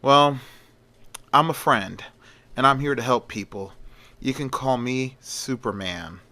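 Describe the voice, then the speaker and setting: A man voicing a friendly male superhero who calmly asks a crowd to stand back. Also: mid-range voice, takes it slowly. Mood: reassuring. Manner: reassuring, pleading for space.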